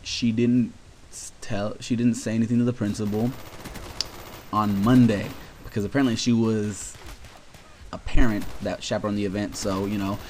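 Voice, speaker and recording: A man's voice: lowish voice, little pitch movement, moderate pace, darkish tone, a little hiss or hum. A young man casually telling a long story about his school days, offhand and rambling with lots of fillers. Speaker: vlogger.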